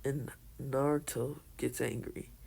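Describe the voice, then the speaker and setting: A man telling a casual, made-up fan story in a halting way, full of restarts and fillers. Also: medium pitch, little pitch movement, gravelly, a little mellow, breathy edge. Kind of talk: casual fan-fiction narration.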